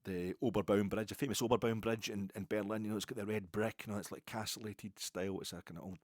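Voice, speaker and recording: A man's voice: fairly low pitch, fairly even intonation, quick pace, no room sound, clean studio sound. A middle-aged Glaswegian man chatting casually as a football podcast host, rambling and jokey with many asides. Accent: Glaswegian Scottish. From Scotland. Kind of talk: casual storytelling chat.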